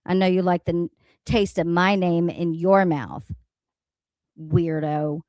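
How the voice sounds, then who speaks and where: Slow, profane woman ranting on a livestream. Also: fairly low pitch, fairly even intonation, darkish tone, no echo. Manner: profane, blunt, laughing often. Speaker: livestream host. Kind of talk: casual live-stream rant.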